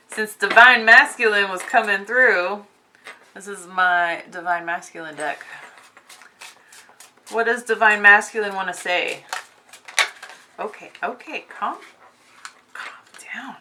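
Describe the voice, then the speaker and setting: A woman with a crisp, bright voice talks her way through a tarot spread for her viewers. She is chatty and informal, calls her audience y'all, and keeps slipping into little giggles as she turns the cards. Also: mid-range voice, slight background noise, rough recording. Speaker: tarot reader. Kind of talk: casual collective tarot reading.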